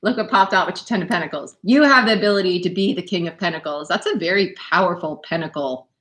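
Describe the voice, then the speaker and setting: A young adult woman reads tarot cards live for her viewers from home. She talks in an animated, encouraging way and laughs often between her points. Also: on the low side, fast. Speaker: tarot reader. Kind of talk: live-stream tarot reading. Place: home, dog nearby.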